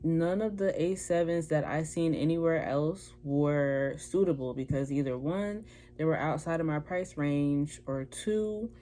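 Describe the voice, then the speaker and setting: Low-voiced chatty woman vlogger. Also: unhurried, dark tone. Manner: chatty, acts out quoted dialogue in altered voices. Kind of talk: casual storytelling to camera.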